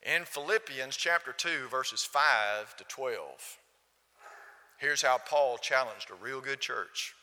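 Preacher, male, emphatic and questioning, strained bright delivery, long church-hall echo. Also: medium pitch, slow pace. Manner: emphatic, repeats rhetorical questions. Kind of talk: sermon.

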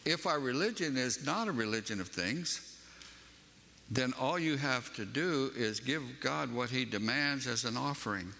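A man's voice: medium pitch, expressive, a little slow, creaky, sharp tone, big-room sound, a little hiss or hum. A man from Western North Carolina with a Southern accent, preaching a sermon and telling a personal story with emphatic, rising delivery.

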